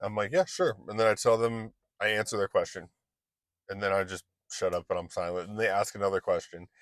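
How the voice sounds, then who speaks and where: A man's voice: on the low side, flat delivery, a little fast, no room sound. A man giving a casual motivational talk as an online business coach, chatty and loose, often restarting his sentences and acting out little exchanges.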